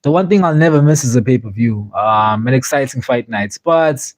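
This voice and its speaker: A man's voice: medium pitch, lively intonation, moderate pace, no room sound. A man streaming a casual chat, rambling with lots of fillers and restarts. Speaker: streamer reviewing fights.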